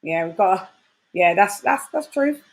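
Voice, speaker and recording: A woman's voice: medium pitch, unhurried. A British woman, a grime and dancehall artist hosting a casual livestream chat, full of slang and boastful trash talk. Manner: animated, slangy, trash-talking banter. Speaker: host.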